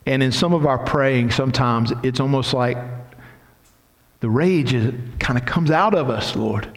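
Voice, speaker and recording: A man's voice: mid-range voice, a little slow. Preaching man in a reverberant hall. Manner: preaching with emphatic, dramatic quoted prayers. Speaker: pastor. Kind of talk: sermon.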